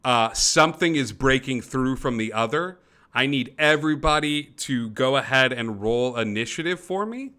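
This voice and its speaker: Game master, male, bright tone, rambling descriptive narration with frequent fillers. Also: medium pitch, lively intonation, normal speed. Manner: descriptive, with many fillers and restarts. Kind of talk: narrating a tabletop game over a call.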